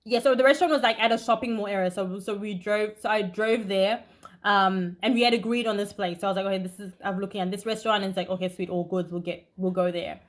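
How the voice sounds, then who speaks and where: A young woman vlogger tells a story in a casual, animated way, talking fast in a mid-range voice with bursts of emphasis.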